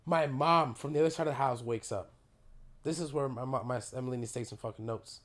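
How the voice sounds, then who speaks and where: A man hosting a podcast, telling a story in a casual, animated way, swearing freely, his voice worn by a sore throat. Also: mid-range voice, fast. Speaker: podcast host. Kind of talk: casual chat.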